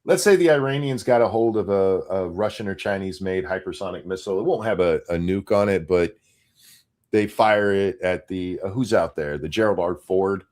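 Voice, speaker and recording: A man's voice: low voice, normal speed, darkish tone. A man co-hosting a casual political chat show, talking bluntly and with profanity, often restarting his sentences. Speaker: show co-host.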